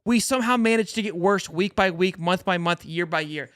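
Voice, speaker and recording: A man's voice: high-pitched, brisk, fairly bright tone, no echo, clean studio sound. A young man hosting a live sports stream, ranting in an exasperated, sarcastic way while reading viewer comments. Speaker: sports show host. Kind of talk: live-stream halftime rant reading super chats.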